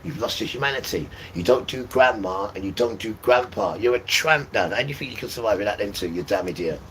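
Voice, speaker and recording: A man's voice: lowish voice, animated, a little fast, fairly bright tone, a little hiss or hum, low-quality recording. A man, preaching and insulting people on a live stream, repeating his phrases as he goes. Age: 50s. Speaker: livestreamer. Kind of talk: live-stream religious rant.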